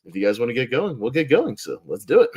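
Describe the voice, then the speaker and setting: A man hosting a casual live-stream panel chat, rambling and filling pauses with "uh". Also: mid-range voice, sing-song, darkish tone, breathy edge. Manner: rambling, heavy with "uh" fillers. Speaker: host.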